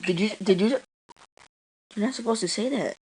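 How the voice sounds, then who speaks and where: A woman's voice: medium pitch, normal speed, a little mellow, breathy edge, low-quality recording. A woman hosting a casual wrestling podcast, rambling and hesitant with lots of ums. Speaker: podcast host.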